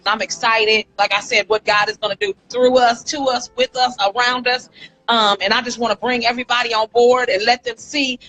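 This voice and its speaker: A woman in her fifties from Inglewood, California, an animated hairstylist telling stories in a casual interview and often calling the listener "girl". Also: on the high side, low-quality recording. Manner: animated, acts out quotes, says "girl" often. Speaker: celebrity hairstylist and guest.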